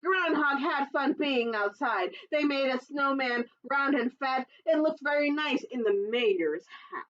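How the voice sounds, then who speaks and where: A woman's voice: high voice, expressive, measured pace, hardly any pauses, fairly bright tone, distant mic. A children's librarian, a woman, reading a picture book aloud at storytime and chatting playfully with the kids. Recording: dull lo-fi recording.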